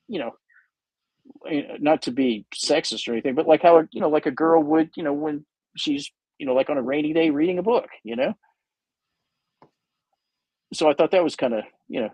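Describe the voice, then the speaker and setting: A man's voice: a little high, no room sound, poor audio. A man hosting a livestream, painting while he chats in a rambling, self-interrupting, jokey way. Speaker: livestream host painting models. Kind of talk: casual rambling chat.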